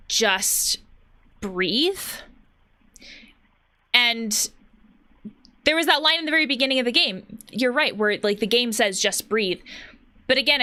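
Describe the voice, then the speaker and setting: While playing a video game, a woman therapist offers casual thoughts on anxiety in a bright, forceful, mid-range voice. Her talk is thoughtful and conversational, with lots of filler words and restarts.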